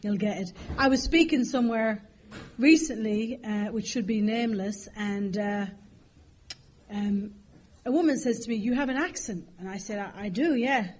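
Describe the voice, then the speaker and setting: A woman's voice: mid-range voice, normal speed, a little mellow, a little hiss or hum. An Irish woman with a bit of a cold, giving a humorous, self-mocking recovery talk at a podium with lots of fillers. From Ireland. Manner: chatty, self-mocking, frequent fillers and laughs. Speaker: AA speaker.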